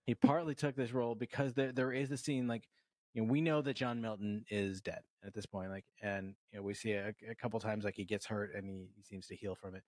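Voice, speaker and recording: A man's voice: lowish voice, steady tone, fairly quick, a little mellow, no room sound. A man co-hosting a casual movie review podcast, talking in a rambling way with many fillers, restarts and swearing. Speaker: podcast co-host.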